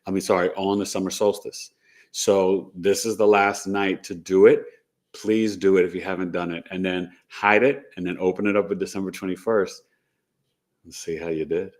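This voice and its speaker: A man with a fairly low voice hosts a relaxed astrology talk. He rambles from point to point and keeps checking in with a quick "right?". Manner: rambling, tags sentences with "right?". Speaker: astrology show host. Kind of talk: casual live-stream talk.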